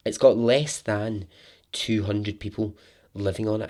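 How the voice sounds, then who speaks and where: A man's voice: on the low side, a little mellow. A man hosting a storytelling podcast, chatty and jokey with sarcastic asides.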